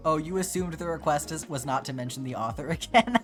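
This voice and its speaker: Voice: mid-range voice, a little fast. A livestreamer chatting casually with viewers while crocheting, answering questions and playfully mock-offended. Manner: chatty, playfully indignant teasing of chat. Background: background music.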